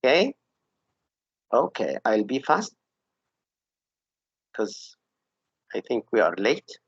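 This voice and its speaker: A woman's voice: extremely low pitch, sing-song, slow, slightly rough, no room sound. A woman teaching English pronunciation in an online lesson, patiently repeating example words and often checking in with "okay?". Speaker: English teacher giving a webinar. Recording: dull lo-fi webinar audio.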